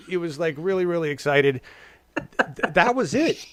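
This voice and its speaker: A man's voice: on the high side, lively intonation, normal speed, fairly bright tone, dry recording. A man co-hosting a casual political chat, rambling and restarting his words, slipping into mocking impressions. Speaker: podcast co-host.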